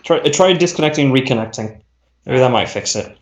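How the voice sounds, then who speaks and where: A man running a tabletop game, chatting casually between turns with a halting delivery full of fillers and restarts, heard over a voice call. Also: medium pitch, lively intonation. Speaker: game master. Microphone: voice chat over the internet. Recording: echoey voice-chat audio.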